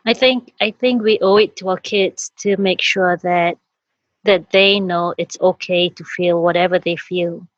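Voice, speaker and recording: A woman's voice: lowish voice, steady tone, measured pace, no room sound. A woman hosting an interview, responding in an encouraging, affirming way. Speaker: podcast host. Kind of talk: interview conversation. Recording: dull, dry lo-fi audio.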